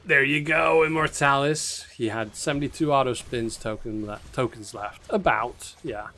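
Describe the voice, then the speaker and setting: A man's voice: mid-range voice, moderate pace, pushed and bright, a little hiss or hum. A man hosting a casual live stream, chatting loosely with viewers, full of fillers and asides. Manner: rambling, chatty, reading viewer names aloud, frequent fillers. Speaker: stream host.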